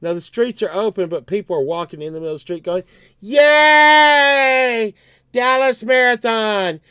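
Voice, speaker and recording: A man's voice: a little high, rapid-fire, darkish tone, no room sound, clean studio sound. A man, telling a rambling, profane story on his livestream and acting out both sides of the argument.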